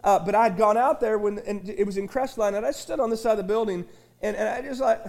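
High-voiced folksy preacher man. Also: expressive, fast. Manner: folksy, rambling storyteller with frequent restarts and shouted refrains. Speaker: pastor. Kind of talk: sermon. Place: small church sanctuary.

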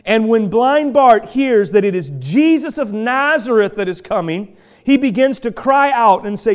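A man preaching a sermon as pastor, with frequent restarts and repeated words, building to loud emphatic shouting. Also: high-pitched, lively intonation, moderate pace.

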